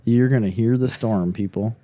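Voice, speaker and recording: A man's voice: lowish voice, normal speed, mellow, a little hiss or hum. A man in his thirties co-hosting a podcast in casual chat, joking around and insisting on his points. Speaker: podcast co-host. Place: indoor room during a storm.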